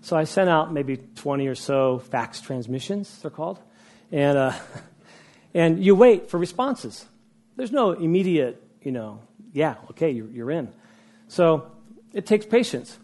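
A man in his sixties giving a personal storytelling speech to a group, animated and conversational, with frequent restarts. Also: fairly high pitch, measured pace. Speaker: speaker addressing a group.

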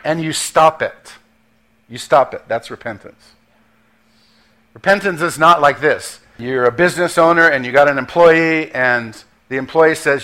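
A man delivers a sermon with an easy, conversational touch, dropping into quick acted asides. His voice sits a little higher than most men's. He slows right down to land his key points. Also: pushed and bright. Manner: conversational preaching with acted asides and slowed emphasis. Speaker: pastor.

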